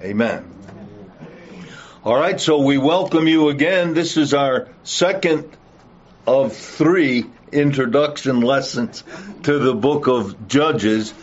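A man's voice: mid-range voice, takes it slowly. A man teaching a Bible study lesson and leading prayer, speaking in an earnest, emphatic way with occasional "uh" fillers. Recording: dull lo-fi recording.

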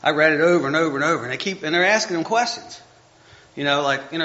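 A man's voice: on the high side, quick pace, sharp tone. A man leading an informal Bible study, rambling and correcting himself as he stumbles over hard names. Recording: dull lo-fi recording.

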